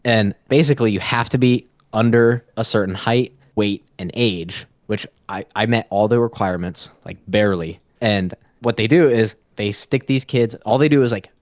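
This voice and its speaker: A man's voice: on the low side, normal speed, hardly any pauses, no room sound. A young man telling a long childhood story in casual podcast chat, rambling with lots of fillers and laughing as he goes. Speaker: podcast co-host.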